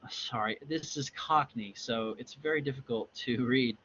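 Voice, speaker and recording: A man's voice: mid-range voice, normal speed, hardly any pauses, a bit bright, husky, muffled recording. A male lecturer reading a graphic novel aloud and explaining it in a casual, hesitant way with many fillers. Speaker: literature lecturer.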